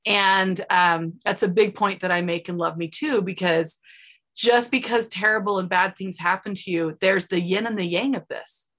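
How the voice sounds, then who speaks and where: A woman podcast host with a bright, forward voice. She talks in a chatty, supportive way and leads the conversation with questions. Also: mid-range voice, steady tone, normal speed. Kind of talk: conversational interview.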